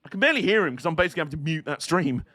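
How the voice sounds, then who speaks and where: A young man casually commenting on motor racing during a livestream, chatty and excitable, laughing and swearing often. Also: on the high side, racing, dry recording. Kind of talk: casual watch-along commentary.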